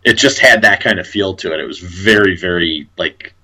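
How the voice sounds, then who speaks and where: A man's voice: deep voice, normal speed, bright, forceful tone, husky, rough recording. A man co-hosting a casual chat about a TV show, hesitant, with many fillers and restarts. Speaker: podcast co-host.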